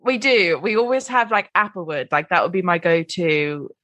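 A woman co-hosting a podcast, talking in a relaxed, conversational way. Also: on the low side, moderate pace, no room sound. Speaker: podcast co-host. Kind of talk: casual chat.

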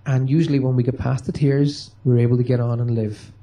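A man, a medium, answering interview questions with lively, joking stories and acted-out dialogue. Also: medium pitch, fairly quick. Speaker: medium and touring stage performer.

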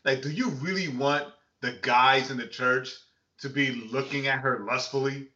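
A man who is a pastor chatting casually on a podcast, animated, laughing often and acting out quotes. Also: medium pitch, normal speed. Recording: echoey room, dull lo-fi sound.

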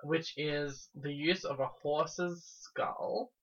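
A woman's voice: low-pitched, steady tone, takes it slowly. A woman co-hosting a casual podcast, adding dry quips and explaining a folk custom, on a dull lo-fi recording. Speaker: podcast co-host. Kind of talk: casual chat.

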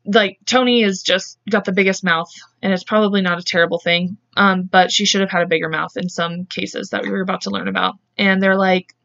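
A woman hosting a podcast, retelling a case in casual chat, acting out quotes in quick voices and speaking bluntly. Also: mid-range voice, steady tone, vocal fry, fairly bright tone, highs cut off. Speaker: podcast host. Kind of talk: casual true-crime storytelling.

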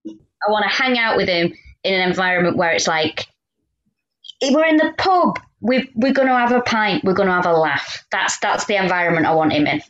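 Female podcast co-host, animated storyteller, very lively pitch. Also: brisk, highs cut off. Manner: animated storytelling, swears, acts out quotes. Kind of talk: casual chat.

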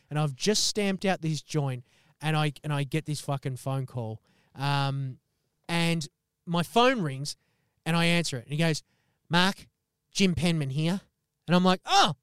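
Animated swearing young man. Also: a little high, smooth, no echo, clean studio sound. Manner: swears constantly, animated retelling with acted quotes. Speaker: podcast co-host. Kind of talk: casual storytelling chat.

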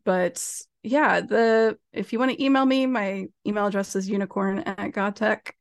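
A woman's voice: mid-range voice, fairly even intonation, normal speed, no echo, clean studio sound. A woman professor as a podcast guest, chatting casually and laughing easily.

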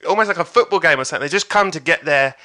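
Bright-voiced man telling a story. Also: a little high, very fast. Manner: animated, swears, acts out crowd voices. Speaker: comedian guest. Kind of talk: casual storytelling chat.

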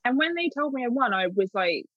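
A woman's voice: on the high side, sing-song, brisk, fairly bright tone, no echo. A woman in an interview, a literary agent telling stories candidly and acting out her own past remarks with lots of laughter. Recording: dull, dry sound.

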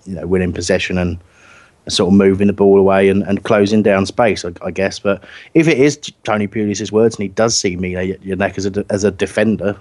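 Lowish bloke hosting a footy chat, rambly, laughs a lot. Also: male voice, steady tone, fairly quick, darkish tone. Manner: chatty, rambling, laughs often. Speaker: podcast host. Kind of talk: casual chat.

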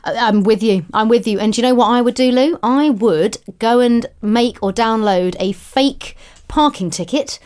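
A woman's voice: on the high side, moderate pace, a little mellow, smooth. A woman co-hosting a podcast, chatting casually and agreeing readily with her co-host. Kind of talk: casual chat.

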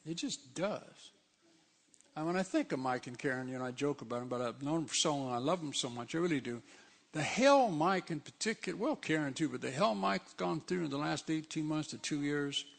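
A man preaching a sermon in a loose, conversational way, driving his points home with emphasis. His voice sits high and has a gravelly rasp. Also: lively intonation, brisk.

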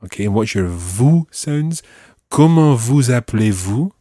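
A man teaching a French lesson, slowly modelling phrases for the listener to repeat. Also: medium pitch, animated, mellow, dry recording, clean studio sound. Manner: slow, carefully enunciated model phrases. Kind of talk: language lesson.

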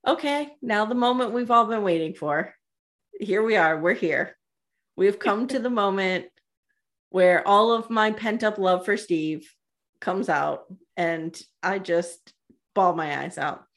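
A woman co-hosting a casual recap podcast, animated and gossipy, retelling scenes with quoted asides and laughter. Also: medium pitch, a little slow. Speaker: podcast co-host.

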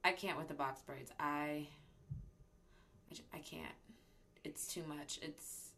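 Low-voiced, bright-toned woman chatting. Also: fairly even intonation, slow pace. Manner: easygoing, agreeable, trailing off mid-sentence. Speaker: podcast co-host. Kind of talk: casual chat.

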